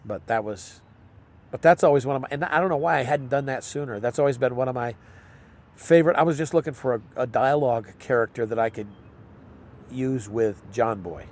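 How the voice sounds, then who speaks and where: A man's voice: medium pitch, brisk, darkish tone. Man reminiscing in casual chat. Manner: rambling, chuckling reminiscence. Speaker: comedy writer and performer.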